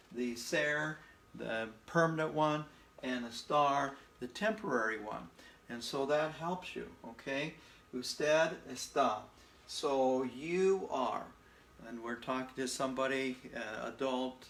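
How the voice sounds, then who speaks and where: A man teaching a casual Spanish lesson from home, relaxed and repetitive, often checking in with "okay?". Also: mid-range voice, roomy sound. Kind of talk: casual recorded lesson at a board. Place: room at home.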